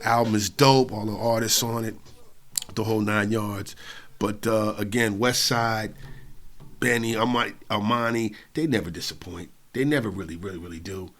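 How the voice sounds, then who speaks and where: A middle-aged man from New York State hosting a hip-hop radio show, talking loosely between songs with slang, swearing and shout-outs. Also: on the low side, moderate pace.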